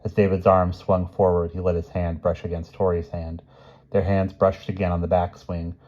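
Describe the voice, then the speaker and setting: A man calmly reading a novel chapter aloud. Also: low-pitched, normal speed, highs cut off. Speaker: reader.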